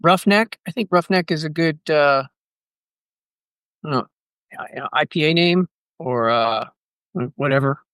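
A man in casual chat with friends, speaking hesitantly with frequent pauses and fillers. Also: on the high side, fairly bright tone, smooth, dry recording, clean studio sound. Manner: hesitant, halting, full of fillers.

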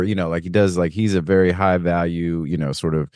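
A man's voice: low-pitched, steady tone, a little fast, a little mellow, no echo, studio quality. A man hosting a casual panel discussion, rambling with many fillers and retelling stories with energy.

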